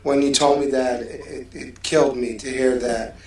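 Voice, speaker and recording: A man's voice: medium pitch, steady tone, normal speed, reverberant. A man speaking as an interview guest, effusive and friendly, heard over distant call audio. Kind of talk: casual interview chat.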